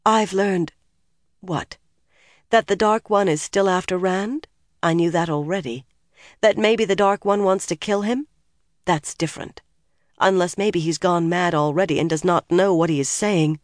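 A woman's voice: on the low side, unhurried, dry recording, studio quality, lightly acted. A narrator voicing a determined, stubborn young woman who speaks earnestly and pleads. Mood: anxious.

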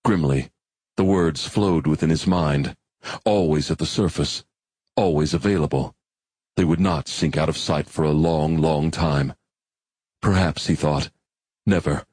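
A man narrating an audiobook in a measured storytelling manner. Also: extremely low pitch, a little mellow, breathy edge, no echo. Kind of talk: scripted narration.

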